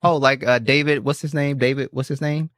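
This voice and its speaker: A man's voice: mid-range voice, fairly even intonation, brisk, a bit bright. A man from Maryland co-hosting a casual podcast discussion, who pushes back bluntly and firmly. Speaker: podcast co-host.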